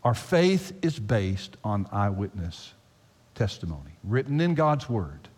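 A man preaching a sermon as pastor, emphatic and animated, repeating phrases for effect. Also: lowish voice, a little slow, breathy edge. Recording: long hall reverb.

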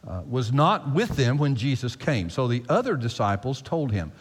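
A man preaching a sermon as pastor, emphatic and animated, repeating phrases for effect. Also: medium pitch, moderate pace, hardly any pauses, husky. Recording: long hall reverb.

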